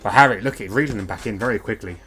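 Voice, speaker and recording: A man's voice: on the low side, sharp tone. A man co-commentating an online sim race live, casual and talkative, chatting with viewers between calls. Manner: fast, casual, banter with chat.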